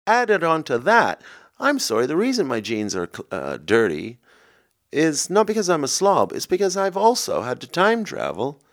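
A man who is a comedian hosting a podcast, rambling through absurd improvised chat in a deadpan way with lots of restarts. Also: on the high side, normal speed, no room sound, studio quality.

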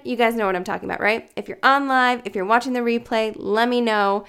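A woman coaching on health in a casual livestream, chatty and loose with her fillers. Her voice sits a little high and carries a gravelly fry at the ends of phrases, yet it stays smooth and resonant. She breaks off now and then to greet viewers by name. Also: steady tone, fast, hardly any pauses, fairly bright tone. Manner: chatty, many fillers like "like" and "you guys".

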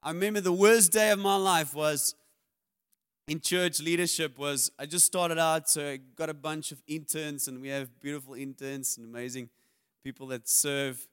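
A man's voice: a little high, steady tone, normal speed, fairly bright tone, clear, resonant tone. A man, preaching a sermon as a pastor in a candid, confessional way with self-deprecating humor.

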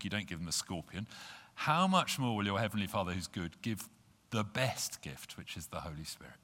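A man's voice: low-pitched, sharp tone. A man preaching an earnest sermon to a congregation, reading scripture aloud. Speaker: pastor. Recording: long hall reverb.

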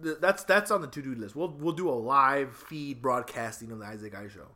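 A man hosting a casual talk podcast, ranting in an exasperated, animated way. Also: mid-range voice, a little fast. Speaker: podcast host. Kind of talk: casual opinionated chat.

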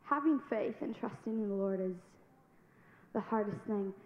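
A young woman giving a personal testimony in church, telling her story earnestly and building to loud exhortation. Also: mid-range voice, normal speed. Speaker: youth speaker giving testimony. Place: large church sanctuary. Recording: echoey hall, dull sound, faint noise.

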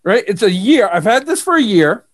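High-voiced man hosting a podcast. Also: normal speed. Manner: animated storyteller who laughs often. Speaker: podcast host. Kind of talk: casual chat.

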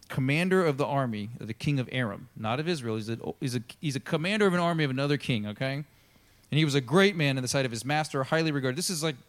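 Lively, chatty preacher man. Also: medium pitch. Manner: casual, chatty storytelling that acts out the characters' lines. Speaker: pastor. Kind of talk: sermon. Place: church.

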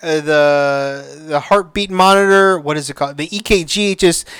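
A man's voice: on the high side, moderate pace, a bit bright, clean tone, no echo. A man hosting a podcast, chatting casually and emotionally, swearing and restarting his sentences often. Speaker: podcast host. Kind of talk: casual solo chat.

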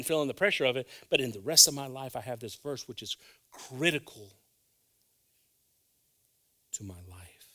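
A male pastor preaching a sermon, dropping into hushed whispers and then rising to emphatic, loud lines. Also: mid-range voice.

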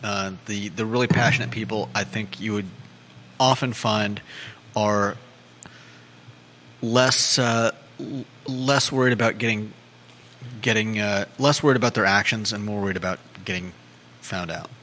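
A man in a studio, speaking as a co-host in a hesitant, halting way with many fillers. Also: fairly low pitch, fairly even intonation, bright, forceful tone, a little hiss or hum.

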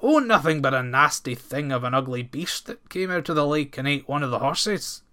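A man's voice: fairly high pitch, animated, normal speed, bright, forceful tone. A man voicing a big, fearless young farmhand who speaks bluntly in old-fashioned thee and thou speech. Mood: offhand.

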